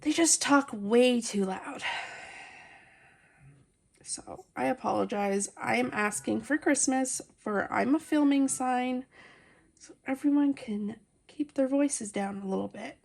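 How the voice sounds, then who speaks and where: A woman's voice: a little high, takes it slowly, gravelly, long pauses, darkish tone. A woman vlogging casually from home as she colors, chatting and rambling with lots of fillers, recorded on a phone. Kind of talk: casual chat while coloring. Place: at home, family nearby.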